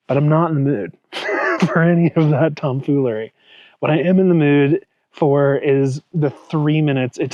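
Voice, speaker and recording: A man's voice: a little high, warm tone, no room sound, lo-fi sound. Chatty self-mocking man camping. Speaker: vlogger. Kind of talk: casual vlog chat. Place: camping in a truck bed outdoors.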